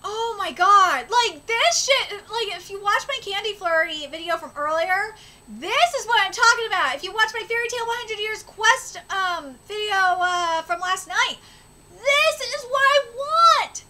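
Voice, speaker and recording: A woman's voice: very high-pitched, normal speed, pushed and bright. A woman hosting a live reaction stream, talking emphatically, swearing and repeating her exclamations. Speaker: host reacting live to a manga chapter.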